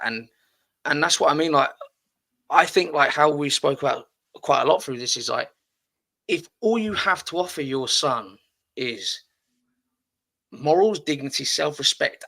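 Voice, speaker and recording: A man's voice: medium pitch, pushed and bright. A middle-aged man hosting a casual podcast, blunt and swearing freely, often repeating his words. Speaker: podcast host.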